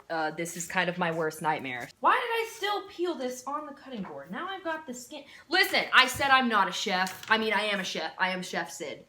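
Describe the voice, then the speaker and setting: A woman's voice: on the low side, sharp tone, echoey room, a little hiss or hum. A woman, chatting playfully in a casual cooking vlog, with dramatic bursts of mock panic. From Texas. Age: 20s. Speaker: vlogger. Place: home kitchen.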